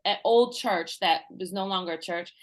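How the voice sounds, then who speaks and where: A woman's voice: mid-range voice, normal speed. A woman in her forties, a guest coach, telling personal stories in a casual interview, laughing often and acting out the voices of people she quotes. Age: 40s.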